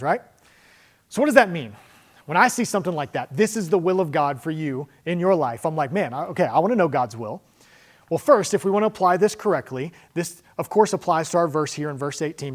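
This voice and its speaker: A man preaching a sermon in a church, conversational, slowing down to stress key lines and asking the room questions. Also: a little high. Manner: conversational preaching, slows for emphasis, rhetorical questions. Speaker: pastor. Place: church sanctuary with congregation.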